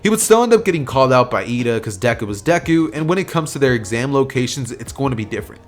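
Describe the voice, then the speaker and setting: A man's voice: medium pitch, very animated, fast talker. Rambling man telling a fan story. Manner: rambling, lots of fillers. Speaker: YouTube storyteller. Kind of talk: casual fan-story narration. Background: soft music.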